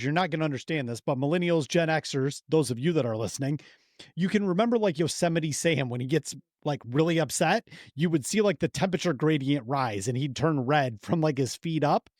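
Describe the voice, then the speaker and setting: A man's voice: on the high side, normal speed, no echo, studio quality. A man hosting a podcast, telling a story with enthusiasm and lots of swearing. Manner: enthusiastic, profane, animated storytelling. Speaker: podcast host. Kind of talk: casual chat.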